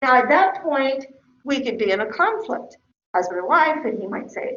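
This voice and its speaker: A woman's voice: high-pitched, sing-song, normal speed, a bit bright, a little hiss or hum. A middle-aged woman lecturing a class in a conversational way, often checking in with her listeners. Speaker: teacher. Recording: echoey room, dull lo-fi sound.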